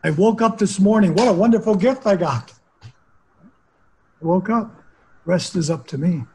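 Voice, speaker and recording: A man's voice: high voice, expressive, a little slow, a little mellow, slight background noise, low-quality recording. An older man, a hypnotherapist guest, talking in a philosophical, rambling conversational way. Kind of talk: casual conversation.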